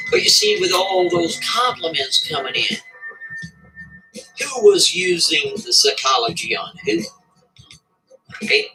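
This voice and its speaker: A man telling a long anecdote in a loose, conversational way, his pitch leaping up and down all the time. His voice is bright and sharp, and he keeps pulling the listener in with asides. Soft music plays faintly underneath. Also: slow pace, vocal fry, pauses often, poor audio. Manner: animated, keeps asking the listener "right?". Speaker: storyteller. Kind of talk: casual spoken storytelling.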